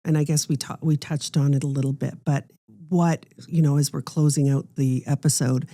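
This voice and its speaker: A woman's voice: low voice, steady tone, normal speed, warm tone, dry recording, studio quality. A woman co-hosting a podcast, supportive and a bit rambling as she asks questions. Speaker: podcast co-host. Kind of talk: conversational interview.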